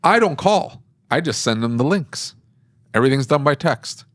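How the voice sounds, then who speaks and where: A man's voice: mid-range voice, expressive, normal speed, no room sound. A man hosting a casual podcast, who jokes around and then gives plain, step-by-step advice on running a repair shop. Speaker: podcast host and shop owner.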